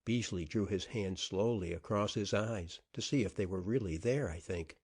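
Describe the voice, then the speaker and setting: A man narrating an old-fashioned audiobook story in an expressive, dramatic way. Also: fairly low pitch, moderate pace, breathy edge.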